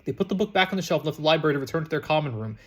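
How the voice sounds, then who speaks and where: Male story reader; fast, slightly high, frequent restarts. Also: expressive, a bit bright, breathy edge. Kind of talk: reading fan fiction aloud.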